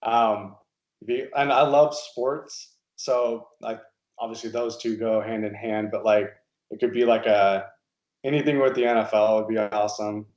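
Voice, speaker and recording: A man's voice: fairly low pitch, fairly even intonation, measured pace, darkish tone, dull audio. Thoughtful man in an echoey room. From Nebraska. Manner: thoughtful, hesitant with many fillers. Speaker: guest designer. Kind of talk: casual interview. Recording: roomy echo.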